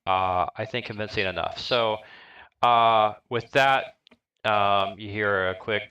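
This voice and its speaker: A middle-aged man narrating a live-streamed tabletop game as dungeon master, describing scenes in a halting way with lots of fillers. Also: lowish voice, bright, forceful tone, dull audio.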